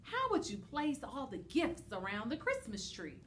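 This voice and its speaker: A woman's voice: fairly high pitch, huge pitch swings, a little slow, fairly bright tone, a little hiss or hum, exaggerated voice. A woman reading Santa's lines, a kindly old man asking his helpers questions, in a storybook read-aloud. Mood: questioning.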